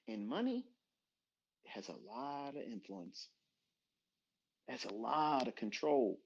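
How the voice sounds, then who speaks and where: A middle-aged man giving a blunt, profane motivational rant as a trading mentor, dropping to low murmurs and then bursting out loud. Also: animated, slow pace, pauses often, breathy edge. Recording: dull lo-fi recording.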